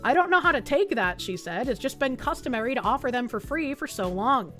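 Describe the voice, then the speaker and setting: High-pitched woman, American streamer, casual and profane, loose rambling delivery. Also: lively intonation, a little fast, fairly bright tone, soft background music. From United States. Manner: rambling, profane, laughs often. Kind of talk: casual stream chat reading an article.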